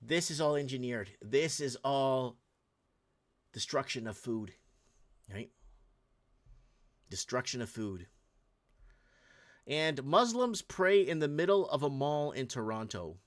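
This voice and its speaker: A man's voice: medium pitch, big pitch swings, takes it slowly, long pauses. A man hosting a show, giving casual, ranting commentary over video clips and talking straight to viewers. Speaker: host.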